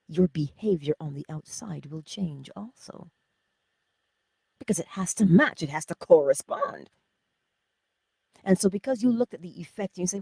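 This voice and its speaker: A middle-aged woman hosting a spiritual self-help livestream, talking casually and animatedly, jumping from loud exclamations to whispers. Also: sits low, moderate pace, slightly rough, no echo. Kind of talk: casual motivational talk.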